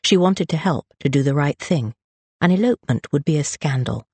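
Lively, husky audiobook narrator. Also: medium pitch, a little fast, no room sound. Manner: expressive, lively storytelling. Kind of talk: scripted narration.

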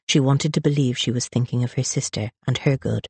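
Expressive audiobook narrator with a husky, breathy tone, dry close sound. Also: medium pitch, a little fast, dry recording. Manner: expressive, lively storytelling. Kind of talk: scripted narration.

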